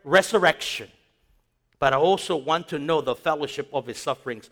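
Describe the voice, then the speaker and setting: A man preaching a sermon as a pastor, emphatic, repeating phrases and swinging between loud rises and quiet drops. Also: mid-range voice, expressive, a little fast, in a large hall.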